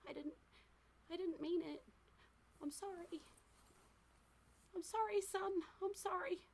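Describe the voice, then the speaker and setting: A woman's voice: very high-pitched, takes it slowly, darkish tone, voice pushed up, exaggerated voice. Woman voicing a weeping remorseful young tinkerer. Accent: New Zealand.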